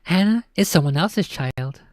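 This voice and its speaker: A woman's voice: fairly low pitch, expressive, unhurried, a little mellow, no room sound, clean studio sound. A woman voicing an upset mother in a storybook reading, scolding her son and later speaking through tears. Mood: tearful. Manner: scolding, then tearful. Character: upset, stern mother of a young boy.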